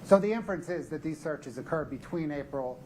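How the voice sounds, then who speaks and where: A man giving a courtroom closing argument as prosecutor, speaking in a measured, methodical and emphatic way. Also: on the high side, lively intonation, a little mellow, a little hiss or hum.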